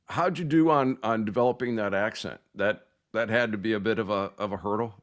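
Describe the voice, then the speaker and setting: A man's voice: on the low side, brisk. A man hosting an interview, asking long, wandering questions. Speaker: interview host.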